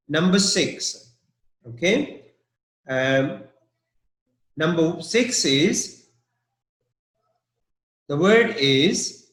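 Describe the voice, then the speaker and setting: A man teaching English vocabulary, slowly repeating each word over and over for his students. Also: a little high, expressive, echoey room, rough recording. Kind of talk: online vocabulary lesson.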